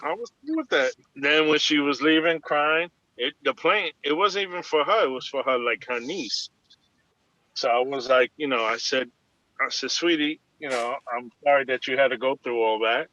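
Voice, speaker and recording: A man's voice: medium pitch, moderate pace, pushed and bright. A man casually retelling a confrontation at his airline job on a video call, animatedly acting out both sides of the exchange. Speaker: airline agent. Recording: dull lo-fi video call audio.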